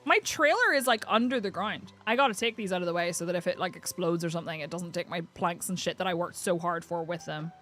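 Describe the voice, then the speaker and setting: A young woman streaming a video game live, chatting and swearing with excitable, laughing reactions. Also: on the low side, quick pace, few pauses, soft background music. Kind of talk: live gameplay commentary.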